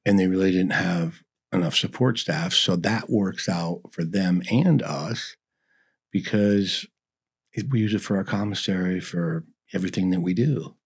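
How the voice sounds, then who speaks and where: Middle-aged guy rambling through stories, deep gravelly-ish husky voice, lots of "you know". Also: a little mellow. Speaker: barbecue restaurant owner, guest. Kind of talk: casual interview chat.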